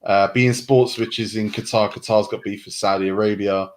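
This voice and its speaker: A man from England hosting a casual football chat show, animated and quick with asides, swearing freely. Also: lowish voice. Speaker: host. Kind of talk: casual banter.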